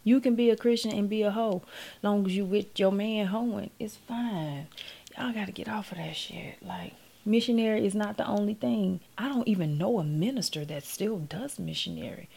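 A woman rambles into her phone camera at home, blunt and profane, with a gravelly edge to her voice. Her pitch sits in the middle of the range, and she talks the way a friend does when she is handing out relationship advice. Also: moderate pace, warm tone. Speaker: vlogger giving relationship advice. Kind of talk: casual comedic monologue to camera.

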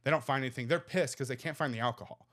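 Fast-talking profane man telling stories. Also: mid-range voice, a bit bright. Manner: rapid, profane, laughing anecdotes. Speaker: comedian guest on a podcast. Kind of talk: casual storytelling.

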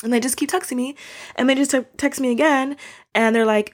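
A woman's voice: high voice, fairly quick, a bit bright. A young woman hosting a podcast, chatting casually to listeners and ranting animatedly with slang. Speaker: podcast host.

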